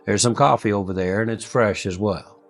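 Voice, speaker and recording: A man voicing a gruff but kindly old widowed gas-station owner in a folksy, plain-spoken drawl. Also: lowish voice, fairly quick.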